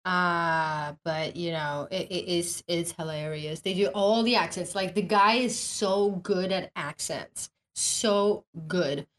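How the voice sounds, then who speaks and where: A woman's voice: on the low side, slow pace, few pauses. A woman hosting a casual online group chat, chatty and a little hesitant. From Italy. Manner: chatty, hesitant, laughs easily. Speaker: host.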